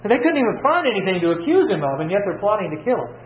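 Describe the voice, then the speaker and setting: A man's voice: high voice, very animated, racing, narrow, tinny audio, a little hiss or hum. A man preaching a sermon, asking the listeners questions and answering them himself. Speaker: pastor.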